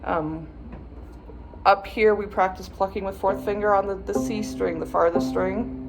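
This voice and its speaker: A woman who teaches viola patiently guides students through practice steps, now and then chanting rhythm words. Her medium-pitched voice is steady, unhurried and creaky, with soft music playing behind her.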